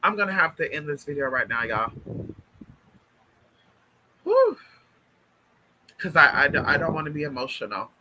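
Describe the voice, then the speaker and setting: A man with a very bright, sharp voice pitched a little high speaks straight to his viewers in a casual monologue. He is emphatic and repeats himself. He often calls his listeners honey and y'all. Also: animated, fast, few pauses, low-quality recording. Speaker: spiritual vlogger. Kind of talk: casual direct-to-camera monologue.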